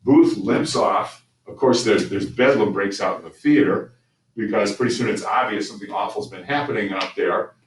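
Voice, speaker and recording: A man's voice: lowish voice, normal speed. A man teaching a history class, telling the story conversationally with frequent restarts. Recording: roomy, distant mic with faint ambient noise.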